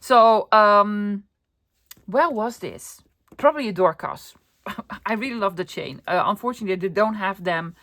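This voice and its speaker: A middle-aged woman, chatting excitedly to camera about her thrift finds and often dropping to a whisper. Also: medium pitch, a little slow, no echo. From Netherlands. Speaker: vlogger showing a thrift haul. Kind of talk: casual chat to camera.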